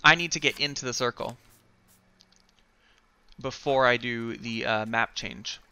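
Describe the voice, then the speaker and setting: A man giving excited, giggly let's play commentary while thinking aloud through a puzzle game. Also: mid-range voice, unhurried, clean tone, no echo. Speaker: gamer playing a video game.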